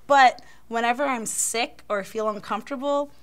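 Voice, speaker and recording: A young woman from Miami co-hosting a casual panel chat, chatty and animated, often restarting her sentences. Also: fairly high pitch, moderate pace, crowd noise. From Miami, Florida. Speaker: co-host.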